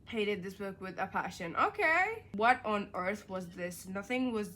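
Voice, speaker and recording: A woman's voice: medium pitch, expressive, fairly bright tone. A young woman, a book vlogger, reading reviews aloud and reacting with exasperated rants. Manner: exasperated, ranting, quick to get worked up.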